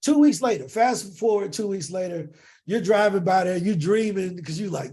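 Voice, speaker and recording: A man from the United States, a podcast guest, telling a lively story in casual slang and acting out bits of dialogue. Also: high voice, moderate pace, husky. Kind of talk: animated storytelling in an interview.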